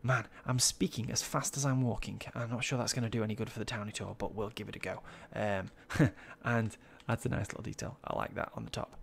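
A man's voice: lowish voice, fairly even intonation, brisk, vocal fry, husky. A man giving casual, admiring commentary while touring builds in a video game, with plenty of ums and uhs. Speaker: Minecraft server tour host.

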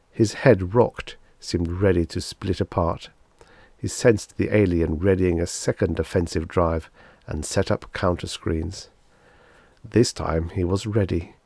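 A man narrating a science fiction short story in a measured, steady reading. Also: sits low, vocal fry, dry recording. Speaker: audiobook narrator.

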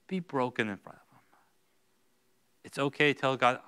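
A male pastor preaching a sermon in a church, going from hushed, slow lines to loud, high-pitched bursts. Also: smooth. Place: church sanctuary.

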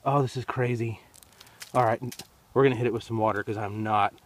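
A man narrating a metal detecting find outdoors into a handheld camera, shaky and hushed and repeating himself in disbelief. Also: medium pitch, fairly even intonation, fairly quick, slight background noise. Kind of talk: excited outdoor vlog narration. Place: outdoors at a dig site.

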